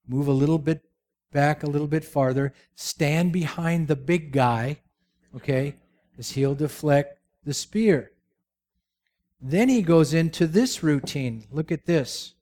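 A man's voice: fairly high pitch, a little slow, warm tone. A man preaching a sermon, telling the story with jokes and rhetorical questions. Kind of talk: sermon with humorous asides.

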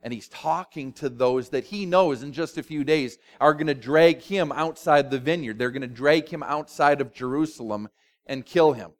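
A man whose voice sits a little high preaches as a pastor. The sermon is animated and conversational, punctuated by asides and dramatic pauses.

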